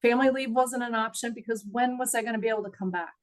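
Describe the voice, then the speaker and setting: A woman's voice: on the high side, steady tone, fast, low-quality recording. Reflective middle-aged woman, emotional. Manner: earnest, reflective, laughs at times. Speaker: guest. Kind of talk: candid interview storytelling.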